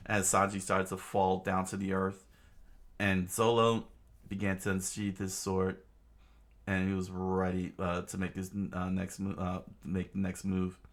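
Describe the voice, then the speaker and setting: A man casually reading a comic aloud as narrator, halting often with fillers and restarts. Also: low-pitched, completely flat delivery. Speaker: comic reader.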